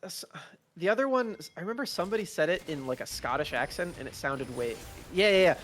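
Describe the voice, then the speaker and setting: A man in a somewhat high voice breaks down the match as color caster, chatty and loose, stopping to hunt for words. A faint hiss of noise sits under his voice. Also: lively intonation, fast, a bit bright. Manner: chatty, laughing, fumbling for words. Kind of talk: analytical color commentary.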